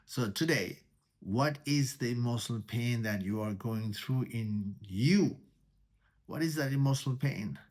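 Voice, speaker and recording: This meditation teacher speaks at a medium pitch with a darkish tone. He takes his time, comes back to important words, and asks questions he doesn't expect answered during his spiritual talk.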